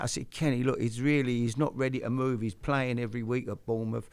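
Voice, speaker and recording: A man's voice: mid-range voice, fairly even intonation, a little fast, a bit bright, clear, resonant tone, no echo. An older man hosting a show, telling a rambling anecdote in casual chat and acting out the voices he quotes. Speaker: host.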